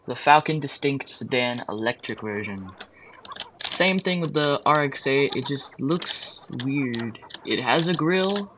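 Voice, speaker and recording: A man's voice: medium pitch, animated, measured pace, pushed and bright, a little hiss or hum. A man giving casual, rambling commentary on a video game, offhand and dryly mocking. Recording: dull lo-fi mic with keyboard clatter.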